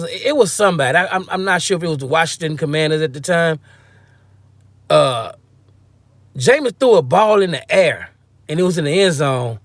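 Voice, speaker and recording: High-voiced joking man ranting about football. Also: no echo. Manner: animated and joking, slangy, acts out quotes. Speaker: sports fan commentator. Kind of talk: casual opinion rant.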